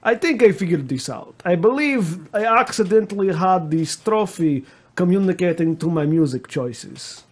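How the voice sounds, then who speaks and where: A man voicing a red-helmeted male commander in a tabletop game who speaks in broken, halting English. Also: high voice, lively intonation. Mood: deadpan.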